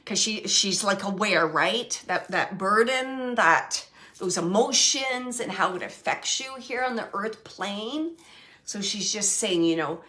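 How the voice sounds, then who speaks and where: A middle-aged woman giving a mediumship reading, relaying a spirit's message in halting, searching speech full of fillers and repeats, sometimes hushed and sometimes brighter. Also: mid-range voice, lively intonation. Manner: soft and hushed at times, then brighter and laughing.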